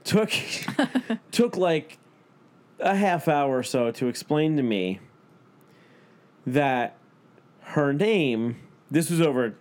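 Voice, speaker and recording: A man hosting a podcast in loose, casual chat, with a voice that sits a little high. He swears freely, laughs as he goes, and acts out both sides of the conversations in his story. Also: lively intonation, slow pace, pauses often, a little mellow. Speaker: podcast host.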